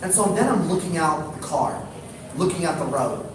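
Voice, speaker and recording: A man telling a comic story on stage, animated, his voice jumping up in excited bursts. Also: normal speed. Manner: animated, building to excited high-pitched bursts. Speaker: speaker at a live talk. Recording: echoey hall, distant mic, noisy.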